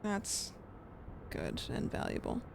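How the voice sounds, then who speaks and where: A young woman streamer chatting casually while gaming, rambling with lots of fillers and trailing off quietly. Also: slow, a little hiss or hum.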